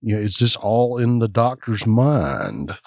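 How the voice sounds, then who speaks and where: A man's voice: lowish voice, big pitch swings, unhurried, vocal fry, darkish tone, no echo, studio quality. Man musing aloud on a podcast. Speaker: podcast co-host. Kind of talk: casual podcast chat.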